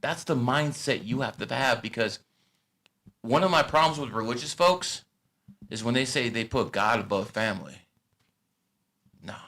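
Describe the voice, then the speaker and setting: A man in his thirties talks in a bright, edgy voice, blunt and profane. He swings between loud rants and quieter asides in loose casual chat. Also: mid-range voice, normal speed, pauses often. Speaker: podcast host.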